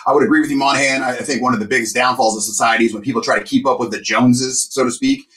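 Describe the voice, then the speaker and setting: A man co-hosting a casual podcast chat, an animated and emphatic storyteller. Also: medium pitch, rapid-fire. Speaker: co-host. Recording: voice a bit distant from the mic.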